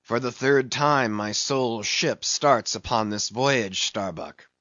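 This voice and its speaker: A man voicing an old, obsessed sea captain who speaks in a brooding, solemn, drawn-out way. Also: medium pitch, pushed and bright, dry recording, highs cut off.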